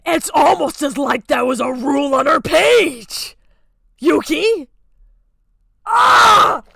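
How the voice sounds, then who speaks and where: A young woman vents on her stream in a high, piercing voice, swearing freely and circling back to the same complaint. The sound is dry, with no room echo. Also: lively intonation, slow pace, gravelly. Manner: heated, profane, repeating her points. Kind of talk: angry reaction rant.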